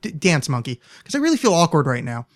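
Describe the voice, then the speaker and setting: A podcast host, a man with a slightly high voice, chatting loosely. He laughs at himself and trips over his words, starting sentences twice before getting them out. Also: sing-song, fast talker. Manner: self-deprecating, stumbling restarts, laughs often. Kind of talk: casual chat.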